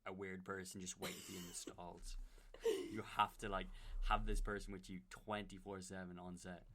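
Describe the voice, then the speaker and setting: A young man with a Dublin accent, a guest on a podcast, telling stories in a relaxed way with plenty of fillers. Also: sits low, normal speed. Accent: Dublin Irish. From Ireland. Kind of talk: casual chat.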